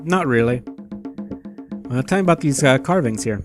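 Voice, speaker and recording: A man commentating a game, with sarcastic, low-key asides. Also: animated, normal speed, faint music behind. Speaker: let's play host.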